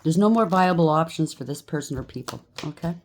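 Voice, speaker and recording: Low-voiced, blunt woman tarot reader. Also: animated, brisk, background noise. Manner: blunt, scolding. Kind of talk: tarot card reading.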